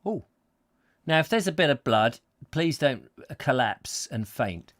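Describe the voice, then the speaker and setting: A man's voice: medium pitch, big pitch swings, measured pace, fairly bright tone, dry recording, studio quality. A man hosting a comic live chat show, rambling through jokey stories and singing little snatches. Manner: chatty, jokey storytelling, sings snatches. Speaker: host.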